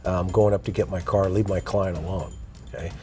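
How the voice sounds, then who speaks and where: Low-voiced man spinning a casual yarn. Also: fairly quick. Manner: relaxed storyteller, full of "you know" and "uh". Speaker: interview guest telling a story. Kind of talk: casual spoken anecdote. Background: faint music.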